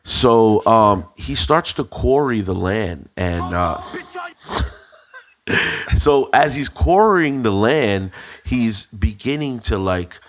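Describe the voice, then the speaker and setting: A man's voice: on the low side, animated, slow pace. A man co-hosting a podcast, telling a story casually with many fillers and restarts. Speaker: podcast co-host.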